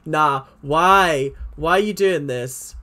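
A horror game player on a let's play channel gives unhurried commentary at a slow, drawn-out pace. The player is jumpy and swears a lot, repeating the same exclamations when frightened. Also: medium pitch, sharp tone.

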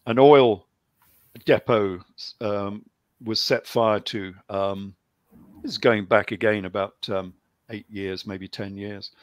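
A man's voice: fairly low pitch, fairly bright tone, no room sound. Hesitant man on a call. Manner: rambling, hesitant with many ums, dry humor. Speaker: guest author. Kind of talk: call-in show conversation. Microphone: video call.

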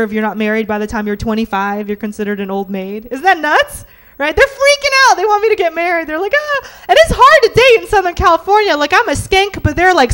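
A woman's voice: sits high, a bit bright. A young woman performing a stand-up comedy set on a club stage, punchy and teasing, constantly checking in with the crowd.

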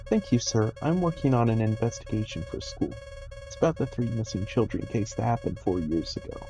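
A man's voice: medium pitch, animated, fairly quick, music in the background, voice pushed up, natural voice, poor audio. A man voicing a polite, earnest teenage girl who questions townspeople for a school investigation in a game.

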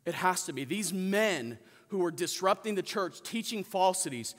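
A male pastor preaching a sermon, calling on the congregation to answer back and shifting between loud emphatic peaks and soft low asides. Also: animated, normal speed, few pauses, long reverb tail. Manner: preaches with call-and-response to the congregation. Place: church sanctuary.

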